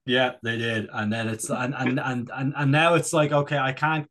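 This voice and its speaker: A man's voice: medium pitch, flat delivery, moderate pace, a bit bright. Rambling jokey man. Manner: rambling, jokey, lots of fillers and restarts. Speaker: podcast co-host. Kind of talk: casual chat.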